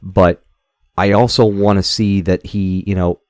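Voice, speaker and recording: A man with a very deep voice co-hosts a casual movie podcast, talking in long rambling runs full of restarts and swearing. The sound is dry and close to the mic. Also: steady tone, measured pace, no room sound. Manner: rambling, profane, many restarts. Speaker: podcast co-host. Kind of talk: casual chat.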